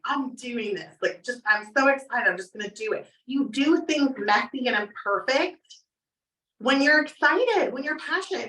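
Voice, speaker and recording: A woman from Canada in her thirties giving an energetic motivational talk, telling stories and acting out quotes. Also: a little high, echoey room, far from the mic, poor audio. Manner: energetic, storytelling, acts out quotes. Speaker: motivational speaker.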